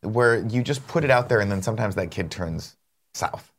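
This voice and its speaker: A man's voice: on the low side, normal speed. A man co-hosting a comedy morning show, joking and telling stories in casual chat. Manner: joking, teasing, animated storytelling. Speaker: co-host.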